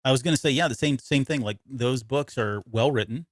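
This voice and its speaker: This man's mid-range voice moves fairly quickly as he co-hosts a podcast. He chats casually, rambles, cuts himself off, and laughs a lot. The recording is studio quality with no echo.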